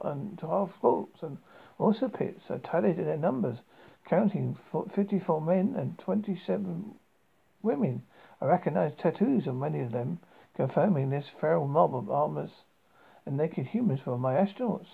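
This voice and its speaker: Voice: mid-range voice, expressive, normal speed, vocal fry, breathy edge, narrow, tinny audio. A narrator reading a first-person story aloud in an amateur style, with frequent stumbles and restarts.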